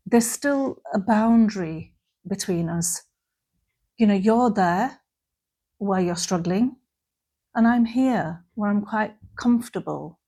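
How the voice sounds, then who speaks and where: Gentle breathy woman giving a reflective talk. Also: medium pitch. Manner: gentle, unhurried, acts out quoted phrases softly. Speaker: mental health instructor.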